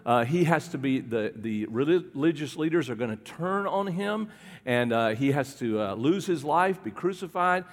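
A man's voice: a little high, expressive, moderate pace. A pastor preaching a conversational sermon, asking his congregation questions as he goes. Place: church hall with a congregation. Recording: long hall reverb.

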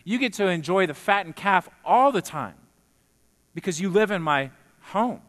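A man's voice: sits high, expressive, moderate pace, a bit bright, voice pushed up. A man voicing a father who earnestly entreats his older son, in a sermon's scripture retelling. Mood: pleading. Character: pleading, gentle father of two grown sons. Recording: long reverb in a hall.

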